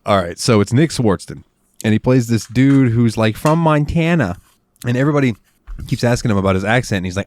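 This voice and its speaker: A man's voice: on the low side, brisk, a little mellow, no room sound. A man telling rambling, crude stories while chatting over drinks on a podcast. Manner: rambling storyteller, crude humor. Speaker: podcast guest or co-host. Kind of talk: casual chat over drinks.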